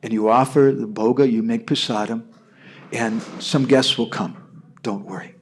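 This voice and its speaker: An American man voicing a calm male spiritual master who speaks quietly and soothingly. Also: mid-range voice, moderate pace, slight background noise, pitched below the performer's own voice, close to an everyday voice. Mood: calm, reassuring.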